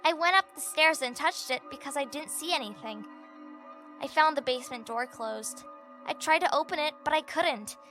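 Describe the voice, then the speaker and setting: A woman narrating a scripted story in an expressive, dramatic way. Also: high voice, moderate pace, soft background music.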